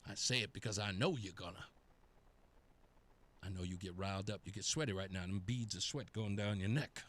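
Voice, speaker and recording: A man's voice: fairly low pitch, a little fast, a bit bright. A male talk radio host delivering a taunting, sarcastic monologue.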